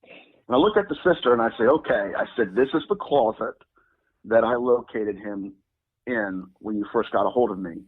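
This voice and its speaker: Guy telling a story in an interview, kinda husky, earnest, sounds like a phone call. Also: lowish voice, lively intonation, normal speed. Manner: earnest, recounts events and quotes himself. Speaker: guest, religious demonologist.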